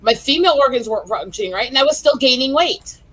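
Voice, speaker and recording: Outspoken woman cohost, high bright voice, super frank about personal stuff. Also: animated, quick pace, rough recording. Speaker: stream co-host. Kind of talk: casual group chat.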